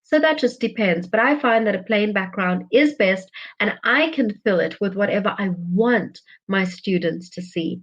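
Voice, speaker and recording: A woman's voice: medium pitch, expressive, normal speed, hardly any pauses, fairly bright tone, lo-fi sound. Earnest woman presenting a teaching webinar. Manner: earnest, explanatory, stresses key words. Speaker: online teaching trainer. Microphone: webinar microphone.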